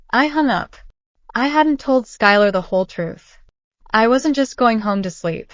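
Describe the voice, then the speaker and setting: Measured older woman narrating a story. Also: mid-range voice, expressive, no room sound. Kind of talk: scripted first-person story narration. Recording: dull dry lo-fi audio.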